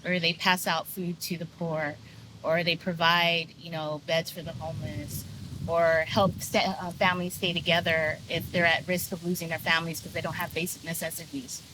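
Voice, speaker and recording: A woman's voice: on the low side, level tone, moderate pace, background noise. A woman telling her personal story as a podcast guest, earnest and frank, with lots of fillers. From United States. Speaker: guest, sound healer. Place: video podcast set.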